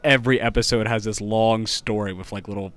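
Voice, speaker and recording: A man's voice: lowish voice, fairly even intonation, a little fast, fairly bright tone, clean tone. A man appearing as a podcast guest in casual chat, rambling and filling his sentences with "like". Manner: rambling, fills speech with "like".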